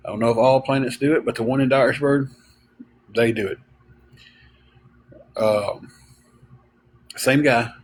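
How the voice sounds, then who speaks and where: A man's voice: mid-range voice, steady tone, a little slow, pauses often, slight background noise, low-quality recording. A man, hosting a livestream and telling rambling stories to viewers, full of fillers and chuckles. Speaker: livestream host. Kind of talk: casual storytelling to viewers.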